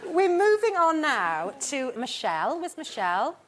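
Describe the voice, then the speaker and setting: Woman talk show host in her 40s, lively and teasing, voice high and bouncy. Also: a little slow, very noisy. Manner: lively, teasing, laughs often. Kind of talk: chatty studio interview.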